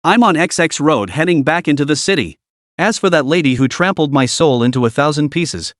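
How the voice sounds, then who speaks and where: A self-pitying male driver whines through a put-on victim act, as a man reading the story voices him. His voice trembles and swings widely in pitch, melodramatic and aggrieved. The sound is close and dry. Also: animated, a little fast, no echo, lightly acted. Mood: innocent.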